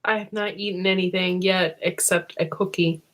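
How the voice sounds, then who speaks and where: Over a video call, a woman co-hosts a livestream in casual chat, bubbly and giggly as she teases her guests. Her voice is on the low side, with a steady tone and a moderate pace.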